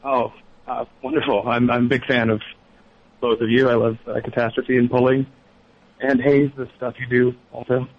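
A man's voice: medium pitch, little pitch movement, moderate pace, dull audio. Caller: man from Illinois, hesitant, polite, stumbling. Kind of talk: phone-in call.

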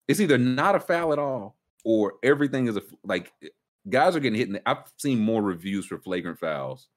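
A man hosting a casual sports talk show, ranting emphatically with sudden jumps up in pitch. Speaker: sports podcast host.

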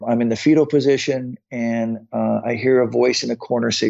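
A man's voice: mid-range voice, steady tone, fairly quick, vocal fry, mellow, muffled recording. A man in his fifties, a podcast guest, earnestly telling his own story and often repeating words as he goes. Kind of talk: personal storytelling in conversation.

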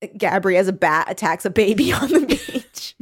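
As a podcast co-host, a woman casually recaps a show, giggling a lot and acting out quotes with animation. Her voice is medium-pitched and husky, and she talks a little slowly.

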